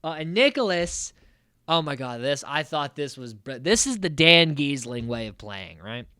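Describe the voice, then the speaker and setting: A man hosting a casual podcast, recapping a reality show in an animated, exasperated way and swearing freely. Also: fairly high pitch, normal speed, clear, resonant tone, dry recording, studio quality. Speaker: podcast host.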